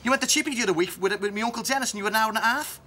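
A man's voice: high voice, rapid-fire, bright, forceful tone. An actor playing a jealous, foul-mouthed man who rants and makes threats in a TV comedy. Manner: accusing, ranting, threatening.

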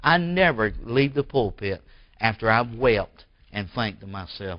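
A man preaches to his congregation in a low, deep register. He rises into forceful, emphatic bursts, then drops to hushed lines. The recording is dry and dull, with a lo-fi edge. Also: unhurried, no room sound. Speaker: pastor. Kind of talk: sermon. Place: church.

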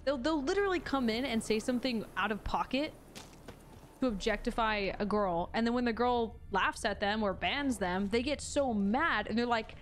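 A woman's voice: a little high, moderate pace, a little hiss or hum. A woman streamer giving chatty, sarcastic, casual let's-play commentary. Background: game music.

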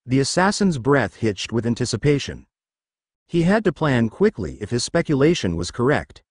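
A man's voice: mid-range voice, big pitch swings, normal speed, no echo, studio quality. A man narrating a fan story in a dramatic, scripted reading.

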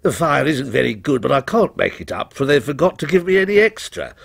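A man's voice: medium pitch, very animated, fairly quick, gravelly, slightly rough, no echo, studio quality, exaggerated voice. A man voicing an uneasy, plain-spoken male night watchman with hesitant, offhand replies.

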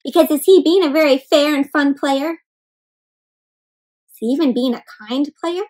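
A woman's voice: sits high, normal speed, a little mellow, poor audio. A woman reading a picture book aloud to children, asking them questions and calling them "my friends" in an encouraging, teacher-like way. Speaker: children's story reader. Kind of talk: interactive read-aloud for kids.

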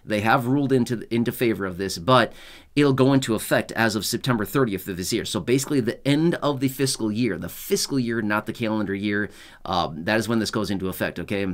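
A man's voice: fairly low pitch, fairly quick. Male host, casual explainer; chatty, self-correcting, laughs at his own quips. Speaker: channel host explaining benefits news.

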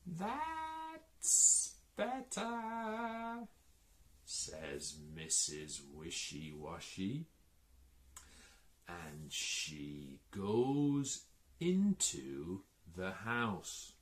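A man reading a picture book aloud to children in an animated, playful way, asking the listeners questions and repeating words in a sing-song. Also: extremely low pitch, very slow. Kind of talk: read-aloud storytime.

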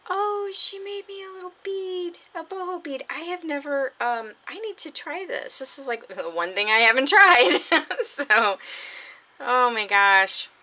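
A woman, unboxing craft supplies on her vlog, gushing with excitement and at times dropping to a breathy whisper. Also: sits high, measured pace. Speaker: crafting vlogger.

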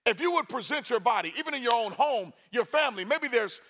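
A man preaching a sermon in a university chapel, energetic and talking with the crowd, with sudden loud bursts. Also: very high voice, quick pace.

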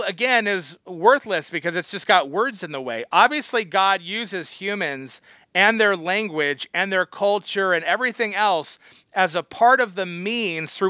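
A man's voice: high voice, bright, forceful tone, no echo, clean studio sound. A man teaching a Bible study as a pastor, blunt and harsh, scolding his listeners. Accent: American.

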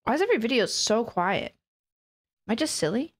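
A woman's voice: a little high, very animated, a little fast, husky. A young adult woman streamer in casual live chat, laughing often and swearing freely as she reacts to videos.

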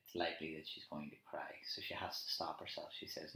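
Very deep and gravelly, this man's voice is whispered yet forceful and bright, moving quickly with little pitch change and hardly any pauses. He's a teacher talking through a poem during a live annotation lesson, conversational and thinking aloud with tag questions. The audio is echoey and roomy, with faint music.

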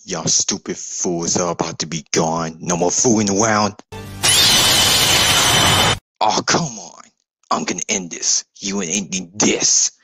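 A man's voice: low-pitched, steady tone, a little slow, pauses often, fairly bright tone, slightly rough, rough recording. A man doing a comedic parody role-play, with slangy, joking delivery. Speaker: parody video voice actor.

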